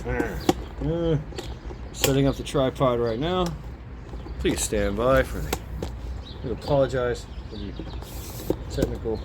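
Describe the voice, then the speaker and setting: Casual male vlogger, breathless and sweaty, slow rambling delivery with casual swearing, recorded outdoors with noise behind. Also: medium pitch, lively intonation, gravelly. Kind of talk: casual vlog monologue. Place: outdoors, hot day, moving out of an apartment.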